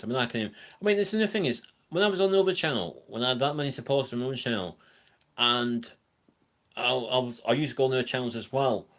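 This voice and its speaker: A man's voice: medium pitch, fairly bright tone. A man with a northern Lancashire accent hosting a live stream from home, chatting casually in a rambling way with many ums and reading out comments from the chat. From England.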